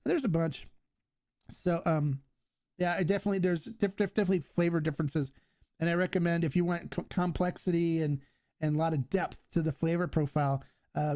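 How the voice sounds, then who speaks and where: Upbeat high-voiced man hosting live Q&A. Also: steady tone, brisk, warm tone. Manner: casual, enthusiastic, frequent fillers and restarts. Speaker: host. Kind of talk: live-stream Q&A chat.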